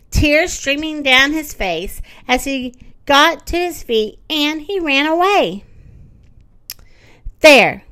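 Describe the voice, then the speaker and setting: A woman reading a children's story aloud, with an expressive, lively delivery. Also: high-pitched.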